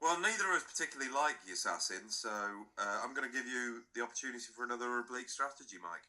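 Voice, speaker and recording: A man's voice: medium pitch, fast talker, sharp tone, low-quality recording. A man co-hosting a podcast, chatting casually with sarcastic, mocking humour. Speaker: podcast co-host. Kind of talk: casual banter.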